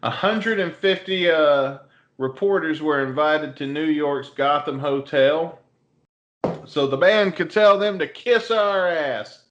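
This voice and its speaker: A man's voice: a little high, slow pace, muffled recording, noisy background. A man co-hosting a podcast in casual, joking chat, swearing freely. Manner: laid-back, swearing, joking. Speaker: podcast co-host.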